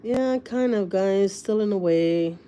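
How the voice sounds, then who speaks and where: A woman's voice: mid-range voice, warm tone, smooth. Woman, livestream host, casual chat, blunt and swearing, lots of fillers. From Texas, USA. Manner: blunt, swears freely, talks fast with many fillers.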